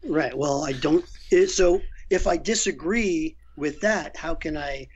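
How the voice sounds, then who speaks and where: A man's voice: on the high side, a little slow, breathy edge, muffled recording. A middle-aged man, a voice actor and director, telling studio stories bluntly and animatedly as a guest in a casual interview.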